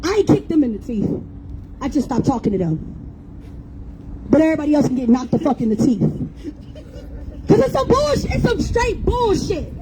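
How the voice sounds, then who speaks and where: A woman's voice: very high voice, noisy background. A woman giving an impassioned rally speech outdoors, blunt and profane, with mocking jokes. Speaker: rally speaker. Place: outdoor public rally in a city square.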